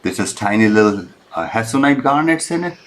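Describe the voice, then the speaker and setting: A man guest on a live crystal show, explaining in a hesitant, halting way with many pauses. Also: fairly low pitch, animated.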